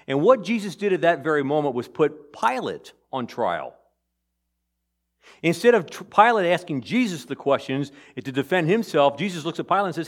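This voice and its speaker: A male pastor giving a Sunday sermon in a conversational style, swinging between raised emphasis and quiet asides. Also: fairly high pitch, very animated, moderate pace.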